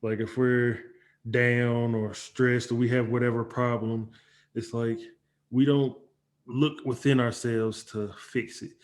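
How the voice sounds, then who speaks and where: A laid-back man co-hosts a relaxed podcast conversation, his voice at an everyday male pitch. He describes himself as an introvert and speaks in an easygoing, conversational way. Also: slow pace. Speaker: co-host. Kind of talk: casual interview chat.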